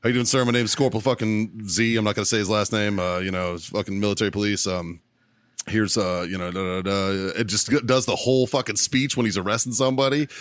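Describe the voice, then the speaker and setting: A man's voice: fairly low pitch, steady tone, fast talker, no room sound. A man co-hosting a podcast, telling a story in casual, profane chat and laughing often along the way. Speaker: podcast co-host.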